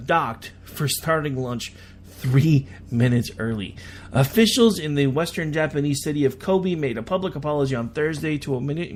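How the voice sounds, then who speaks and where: An American man hosting a radio show, reading international news aloud and breaking off into sarcastic, self-deprecating asides with halting restarts. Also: a little high, slight background noise. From United States. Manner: reads news then adds chatty sarcastic asides. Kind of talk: casual news commentary.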